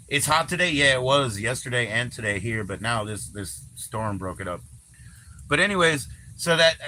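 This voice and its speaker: Bright, loose-talking man on a livestream. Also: mid-range voice, a little hiss or hum. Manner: loose, swearing, laughs often, lots of fillers. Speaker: livestream host. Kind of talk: casual rambling livestream chat.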